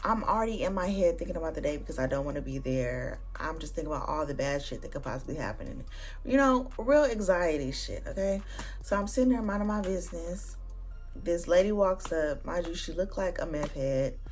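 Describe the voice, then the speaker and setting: A woman's voice: on the low side, fairly quick, faint music behind. A young woman hosting her own vlog and telling a story in casual, slangy chat. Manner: animated, slangy, conversational storytelling. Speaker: booktuber vlog host.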